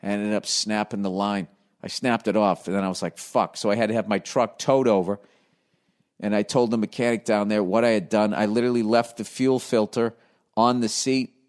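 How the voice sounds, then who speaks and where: A man's voice: lowish voice, fairly even intonation, fairly quick, a little mellow, smooth. Profane ranting man telling stories. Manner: profane, ranting, self-deprecating. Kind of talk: casual comedic storytelling.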